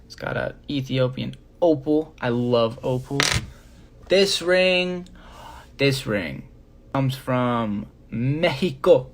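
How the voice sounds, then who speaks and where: A man's voice: medium pitch, slow pace, slight background noise. A young man chatting casually on a live stream, rambling with many fillers as he shows his jewelry. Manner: rambling, filler-heavy, relaxed.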